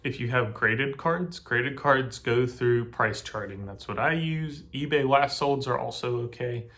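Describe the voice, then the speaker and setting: A man at an ordinary middle pitch walks the viewer through the steps in a loose, chatty way. He repeats points and keeps checking that the listener is still with him. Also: measured pace, fairly bright tone. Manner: chatty, repeats himself, frequent "right?" asides. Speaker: channel host giving advice. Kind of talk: casual how-to talk to camera.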